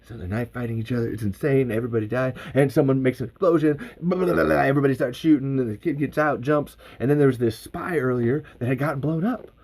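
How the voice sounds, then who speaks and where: A man hosting a podcast livestream, retelling a film with animated, profane storytelling. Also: mid-range voice, fast talker, few pauses, rough recording. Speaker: podcast host. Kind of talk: casual livestream commentary.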